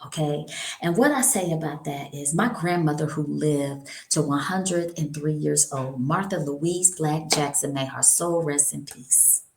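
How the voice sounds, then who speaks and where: A woman's voice: deep voice, a little slow, gravelly, a little mellow, roomy sound, a little hiss or hum, poor audio. A middle-aged woman giving an informal health talk, chatty and folksy, calling her listeners honey. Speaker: holistic wellness speaker.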